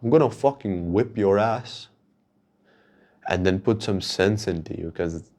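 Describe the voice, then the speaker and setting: Profane low-voiced man telling a story. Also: measured pace. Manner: profane, rambling, with frequent restarts; gets loud and heated when ranting. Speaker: podcast host. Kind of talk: casual storytelling monologue.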